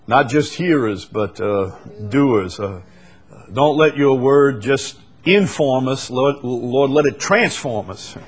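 A man's voice: medium pitch, animated, slow pace, breathy edge. A man preaching a sermon, quoting scripture with emphatic rises and stammering repeats.

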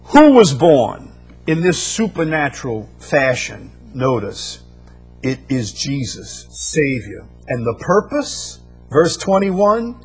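A man preaches a sermon in a mid-pitched voice. He drives his points home with repeated phrases that swell into louder bursts. Faint instrumental music plays softly behind him. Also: sing-song, slow pace. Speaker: pastor.

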